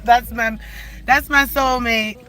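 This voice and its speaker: A woman's voice: on the high side, fairly even intonation, slow pace, sharp tone. A woman live-streaming casual chat, telling stories to viewers in a loose, profane way from inside a car. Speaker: livestream host.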